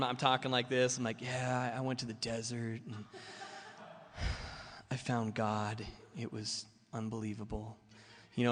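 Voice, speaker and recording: Male speaker at a meeting, rambling storyteller, bright tone, hall echo. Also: mid-range voice. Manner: rambling and self-mocking, many fillers. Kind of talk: personal story told to a meeting. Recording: long reverb of a meeting hall.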